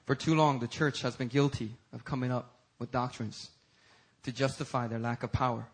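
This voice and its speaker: A male pastor delivers a sermon with a bright, forceful edge and a slightly husky grain. His voice sits a little high for a man. He swings from loud, emphatic peaks down to low, intense stretches.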